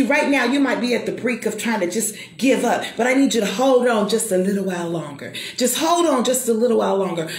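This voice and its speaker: A woman's voice: on the high side, roomy sound. Emphatic woman giving testimony. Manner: emphatic, calls to the listener. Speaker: motivational speaker. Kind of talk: personal testimony, preacher-like.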